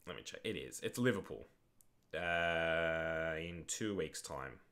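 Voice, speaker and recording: A man's voice: low-pitched, lively intonation, slow, fairly bright tone. A young man chatting casually on a late-night stream, rambling through viewer questions and swearing now and then, sounding tired. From Australia. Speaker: livestreamer hosting a football watch-along.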